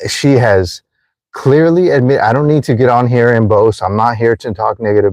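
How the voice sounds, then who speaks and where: Earnest man with a mellow voice. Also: lowish voice, no room sound. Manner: repetitive, pleading, addresses viewers directly. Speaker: livestream host giving life advice. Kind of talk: earnest motivational livestream talk.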